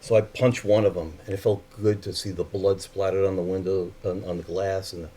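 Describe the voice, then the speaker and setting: A man's voice: low voice, fairly even intonation, brisk, warm tone, husky. Candid New man telling a story. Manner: candid and profane, acts out quoted voices. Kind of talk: personal storytelling.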